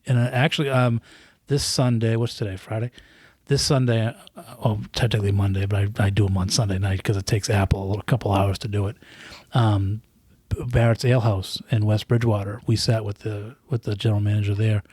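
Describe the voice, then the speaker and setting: A man's voice: fairly low pitch, steady tone, fairly quick, a little mellow, slightly rough, dry recording. A man chatting casually on a podcast, rambling with many restarts and repeated words. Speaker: podcast guest. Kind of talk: casual chat. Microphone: podcast microphone close up.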